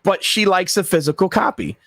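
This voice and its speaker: A man chatting casually as an interview guest, telling anecdotes with lively acted-out quotes. His voice sits a little high for a man. The sound is dry and close. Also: fairly quick, no room sound. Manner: animated storyteller, acts out quoted voices. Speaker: author and book site founder, guest.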